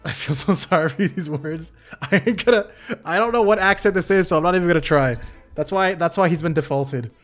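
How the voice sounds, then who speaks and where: A man's voice: high voice, a little fast, fairly bright tone, soft background music. Joking man, let's play commentary. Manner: laughing, joking asides between dialogue. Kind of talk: casual game commentary.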